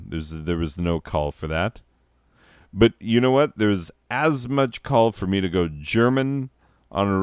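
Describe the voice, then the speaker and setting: Low, slow-talking male comedy host, profane and rambling, smooth voice. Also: dry recording, clean studio sound. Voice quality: profane, rambling, self-interrupting.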